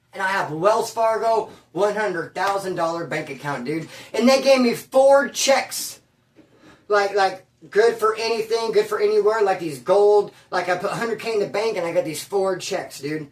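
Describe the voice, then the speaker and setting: A man's voice: high voice, a bit bright. A man who was in prison telling casual, profane stories full of slang, from California. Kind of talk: casual storytelling. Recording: echoey room, voice from far off.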